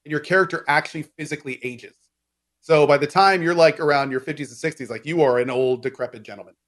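Guy rambling about a game, slightly higher voice, lots of ums and likes. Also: fast, a bit bright. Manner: explains at length with many fillers and restarts. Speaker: game discussion co-host. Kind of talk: casual gaming chat.

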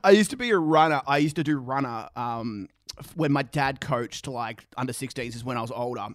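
A man's voice: mid-range voice, fairly quick, dry recording, studio quality. An Australian man in his twenties co-hosting a podcast in casual chat. He laughs often, swears and acts out what others said. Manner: laughing, swearing, acting out quotes. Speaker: podcast co-host.

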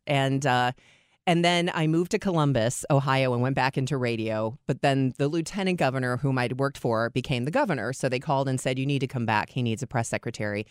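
A middle-aged woman tells stories from her working life in a relaxed interview. She is candid and self-deprecating, and she leaps up in pitch to act out what people said. The studio sound is dry and close. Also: dry recording. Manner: lively, self-deprecating, acts out quotes with big pitch jumps. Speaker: radio host, guest. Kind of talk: conversational interview storytelling.

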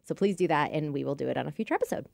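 A woman co-hosting a casual board game chat, bubbly and animated. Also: deep voice, rapid-fire, gravelly, no echo, studio quality. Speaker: podcast co-host.

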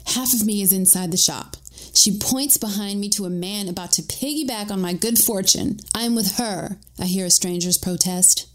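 A woman narrating a first-person story with a wry, lively storytelling manner. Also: medium pitch, normal speed.

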